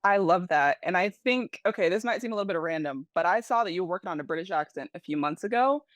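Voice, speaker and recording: A woman's voice: on the low side, expressive, fast, no echo. A woman interviewing a basketball player, asking long, chatty questions and cheering her on. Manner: warm-up phrasing, encouraging, many "like" fillers. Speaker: interviewer, podcast co-host.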